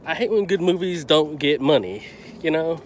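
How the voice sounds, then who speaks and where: A man's voice: on the high side, lively intonation, normal speed, slight background noise. A man giving a casual, profane and heated movie review, rambling and swearing as he goes.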